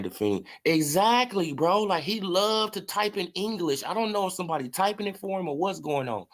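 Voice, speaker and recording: Here a man with a slightly high, fairly bright voice does casual livestream boxing commentary. His talk is mocking and profane, and he laughs frequently while replying to his chat.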